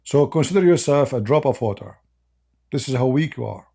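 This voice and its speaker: An online commentator, a man whose first language is Arabic, delivers a casual joking monologue in broken English, rambling, joking and mocking as he goes. His mid-range voice is expressive and brisk, warm in tone, with some vocal fry.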